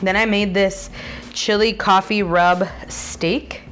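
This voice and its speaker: A chatty, bubbly woman, a native Spanish speaker, talks through a recipe in her kitchen with playful asides. Her voice sits at an everyday middle pitch, with a faint hiss of noise behind it. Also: fairly even intonation, slow, fairly bright tone. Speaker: cooking channel host. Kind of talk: casual cooking vlog. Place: home kitchen, food sizzling.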